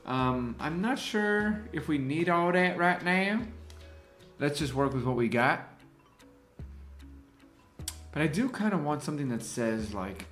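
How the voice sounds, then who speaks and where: Man, livestream host, casual chat while designing, thinks aloud, slow easygoing delivery, roomy room with faint music. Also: a little high, animated, a bit bright.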